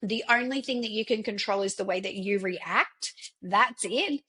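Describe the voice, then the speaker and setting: Chatty and candid, this podcast host leans on fillers such as "like" and "you know" and lets the odd swear word slip. Her husky voice sits mid-range at a normal speed, bright with a forceful tone.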